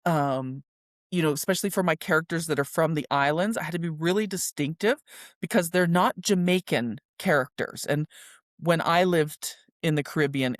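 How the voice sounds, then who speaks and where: A woman with a low voice hosts a solo podcast, recorded dry with studio quality. An indie author, she talks casually and self-deprecatingly about her writing, using filler words and restarts.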